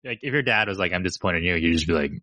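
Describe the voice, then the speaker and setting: A man co-hosting a podcast, telling animated stories, acting out quotes and laughing often. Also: deep voice, racing, no room sound. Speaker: agency co-owner and podcast host. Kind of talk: casual podcast chat.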